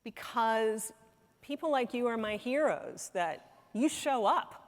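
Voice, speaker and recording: A woman's voice: a little high, expressive, slow pace. A woman giving a conference talk, telling a story in an earnest way and acting out the quoted dialogue. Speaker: conference speaker. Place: conference hall. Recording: hall reverb.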